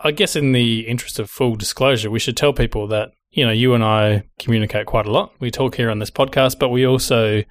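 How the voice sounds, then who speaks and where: Fast-talking man on a podcast. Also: medium pitch, steady tone, no room sound, clean studio sound. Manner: chatty, explains with everyday examples. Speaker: podcast co-host. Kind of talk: casual podcast chat.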